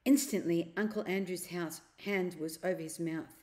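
A woman reading a children's novel aloud, narrating in a steady, expressive way. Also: on the low side, normal speed. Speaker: storyteller.

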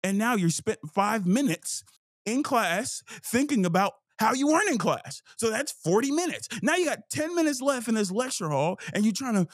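A young man hosting his own show, telling a long personal story in a casual, animated and profane way, acting out the scenes and his own thoughts as he goes. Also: high-pitched, normal speed, no echo, studio quality. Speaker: host.

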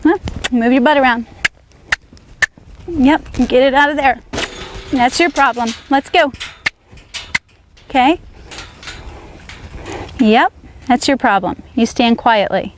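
A woman's voice: high voice, slow pace, pauses often, noisy background. A woman horse trainer giving a riding demonstration outdoors, firmly coaxing her horse with short praise while explaining to viewers.

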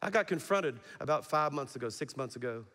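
A middle-aged man preaching a sermon as pastor, animated and calling on the congregation to respond. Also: medium pitch, fairly quick. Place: large church hall. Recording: long reverb of a large hall.

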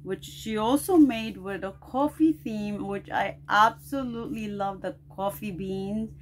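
A woman's voice: medium pitch, a little slow, slight background noise. A middle-aged woman vlogger opening packages and gushing her thanks in casual unboxing chat.

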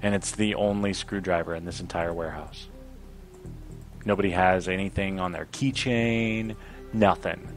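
Young male let's-play host, low voice, sarcastic commentary over quiet game music. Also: fairly even intonation, moderate pace. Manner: sarcastic, reads game dialogue aloud in a lightly raised voice. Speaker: gaming video host.

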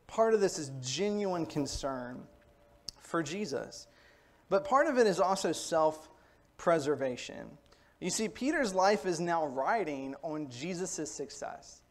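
A man's voice: high-pitched, expressive, measured pace. A male pastor preaching a sermon in a conversational, explanatory way, checking in with his congregation. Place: church.

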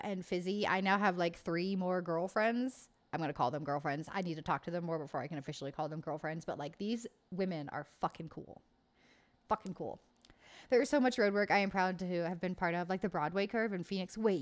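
This woman talks a little fast in a lowish voice as she hosts a livestream. Bubbly and quick to laugh, she reads live comments, chats casually, and swears freely.

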